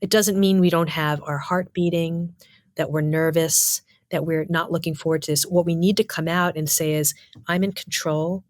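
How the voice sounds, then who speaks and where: A middle-aged woman, a communication lecturer, giving clear, emphatic interview answers full of lists and rhetorical questions. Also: sits low, fairly even intonation, moderate pace, no room sound, studio quality.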